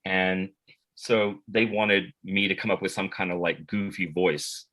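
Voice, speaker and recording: An American actor talks through his career in a relaxed, rambling interview. His voice sits fairly low, and he loses his thread with fillers and restarts, often breaking into a laugh. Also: a little slow, rough recording. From United States. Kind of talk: casual interview answers.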